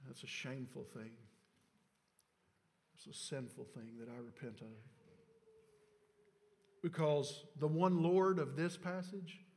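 A middle-aged man, a pastor telling a personal story in a sermon, moving between hushed confession and loud exhortation. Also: medium pitch, steady tone, slow, gravelly, pauses often. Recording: long church reverb.

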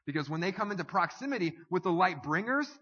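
A man preaching a sermon as pastor, swinging from hushed, slow lines to loud, stirring calls. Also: high voice, lively intonation, husky. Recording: dull audio with long hall reverb.

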